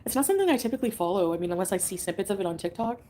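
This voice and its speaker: A woman's voice: mid-range voice, animated, racing, warm tone. Chatty giggly woman livestreaming. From Canada. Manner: chatty and giggly, drifting between topics. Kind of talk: casual livestream chat, reading comments.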